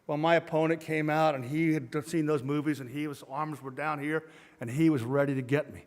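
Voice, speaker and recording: A middle-aged man telling a comic true story on a live stage, self-mocking and punchy, acting out shouts and sound effects. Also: fairly high pitch, fairly quick. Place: large hall, live stage. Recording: long hall reverb from a live stage.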